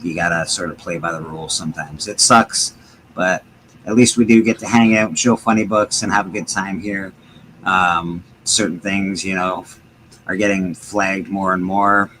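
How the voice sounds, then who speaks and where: A man's voice: sits low, fairly even intonation, normal speed, sharp tone, slight background noise, low-quality recording. A man hosting a live stream, chatting in an easygoing, joking way. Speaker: host of a live comics stream. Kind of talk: casual chat.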